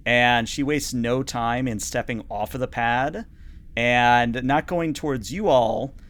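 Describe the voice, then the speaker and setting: A man's voice: mid-range voice, takes it slowly, fairly bright tone. A man narrating as game master of a tabletop game, chatty and full of fillers.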